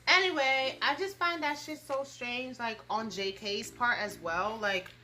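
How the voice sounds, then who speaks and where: A woman's voice: on the high side, a little slow, sharp tone, a little hiss or hum. A young woman vlogging casually while doing her makeup, blunt and profane, full of slang and "like". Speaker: beauty and gossip vlogger.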